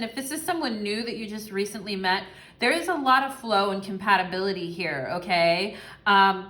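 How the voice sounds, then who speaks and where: A young woman doing a casual pick-a-card tarot reading, chatty and sassy, with frequent cursing, who acts out quick little voices. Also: mid-range voice, pushed and bright. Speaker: tarot reader.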